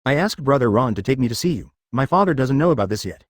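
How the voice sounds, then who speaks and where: A man reading the lines of a gentle, grateful young mermaid princess in a dry synthetic voice. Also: medium pitch, lively intonation, quick pace, no echo, lightly acted.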